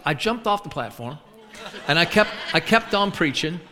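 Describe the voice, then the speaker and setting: Animated male preacher in a reverberant church. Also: on the high side, moderate pace. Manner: animated, acts out scenes and chuckles at his own stories. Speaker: traveling preacher. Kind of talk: sermon with humorous storytelling. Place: large church sanctuary. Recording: long reverb of a large church.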